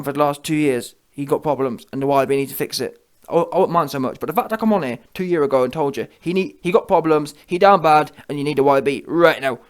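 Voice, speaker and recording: Brash male boxing commentator, slangy and opinionated, voice sitting a bit high. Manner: brash, slangy, keeps asking "yeah?".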